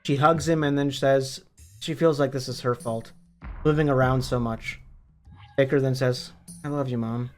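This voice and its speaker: Brief: male book reviewer, matter-of-fact plot retelling, soft background music. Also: mid-range voice, steady tone, moderate pace. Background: faint background music.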